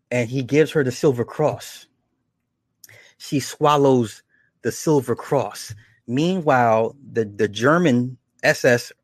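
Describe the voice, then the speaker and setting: A man casually retelling horror episodes, slipping into quick acted quotes and chuckles. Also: medium pitch, no room sound, studio quality. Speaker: show reviewer.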